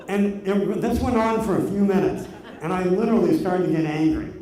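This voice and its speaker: A man in his thirties telling a story to a live audience, animated and energetic, drawing the crowd in. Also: high voice, normal speed. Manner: animated, energetic storyteller who gets the audience shouting along. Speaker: motivational speaker. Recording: echoey room with faint noise.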